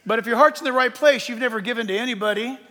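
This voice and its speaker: An older man preaching a sermon as pastor, animated and emphatic, joking as he goes. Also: very high voice, rapid-fire, in a large hall.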